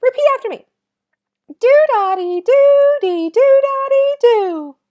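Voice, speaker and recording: A woman doing a squeaky silly voice. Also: expressive, slow pace, dull audio, full character voice. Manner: squeaky, playful. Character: squeaky high-pitched silly singing voice. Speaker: music teacher.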